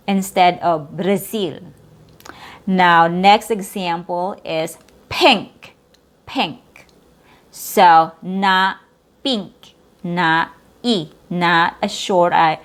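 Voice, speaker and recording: A woman teaching English pronunciation, repeating words slowly and drawing out each vowel. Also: on the low side. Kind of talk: slow, careful pronunciation lesson.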